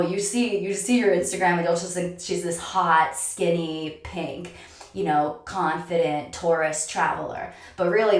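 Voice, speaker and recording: Expressive woman talking from an echoey bath. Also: fairly low pitch. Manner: expressive, swearing, breaks into laughs. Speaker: podcast host. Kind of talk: casual confessional monologue. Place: bathroom, in a bathtub. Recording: echoey bathroom.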